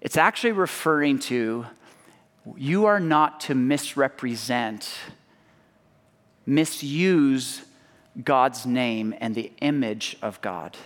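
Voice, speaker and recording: Slow-preaching man in a reverberant hall. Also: mid-range voice, animated. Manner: slow, emphatic preaching with dropping phrase ends. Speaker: pastor. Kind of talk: sermon.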